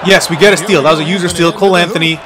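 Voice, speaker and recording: A man giving casual, excitable commentary over a basketball video game, ranting whenever the play goes wrong. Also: a little high, rapid-fire, crowd noise. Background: game music and sound.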